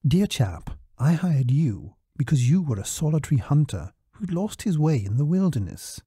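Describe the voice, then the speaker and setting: Cool, precise spy, read by a man, courteous and measured, lively pitch. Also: slightly rough, dry recording, clean studio sound, exaggerated voice.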